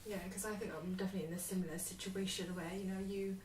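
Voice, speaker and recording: A woman interviewer asks questions and chats in a relaxed, conversational way. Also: medium pitch, rapid-fire. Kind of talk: casual interview. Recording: echoey, distant from mic, faint background noise.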